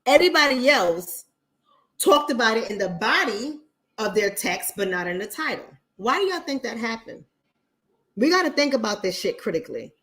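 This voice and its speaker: A woman's voice: fairly high pitch, sing-song, moderate pace, fairly bright tone. A blunt woman hosting a casual livestream, speaking straight to her audience. She swears freely and circles back to repeat her points for emphasis. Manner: blunt, profane, addresses viewers directly. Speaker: online talk show host.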